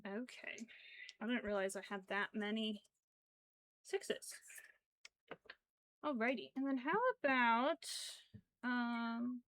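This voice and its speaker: Woman crocheting on stream, rambly and slow, lots of "like", mumbles stitch counts. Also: fairly high pitch, fairly even intonation, a bit bright. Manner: rambling, filler-heavy, counts stitches under her breath. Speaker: craft streamer. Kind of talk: casual livestream chat while crocheting.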